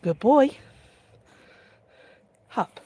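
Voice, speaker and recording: A woman dog trainer giving a live demonstration, calmly explaining each step and breaking into high, gushing praise for her dog. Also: drawn-out words, dull audio.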